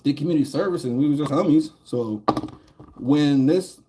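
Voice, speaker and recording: Streaming a game, a man tells a long, rambling story in casual chat, swearing a lot and often chuckling. His voice is a little high and dark in tone, at a moderate pace.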